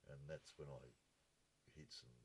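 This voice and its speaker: A man's voice: extremely low pitch, fairly even intonation, a little slow. An Australian man in his fifties telling rambling stories in a laid-back way, swearing freely. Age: 50s. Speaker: guest. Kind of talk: rambling storytelling chat. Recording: distant mic with hiss.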